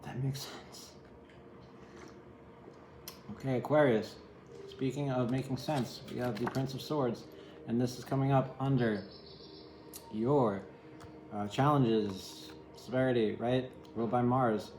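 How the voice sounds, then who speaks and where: A man's voice: mid-range voice, steady tone, measured pace, a little mellow, echoey room, slight background noise, poor audio. A man giving a casual, rambling tarot reading, candid and sometimes swearing. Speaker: tarot reader.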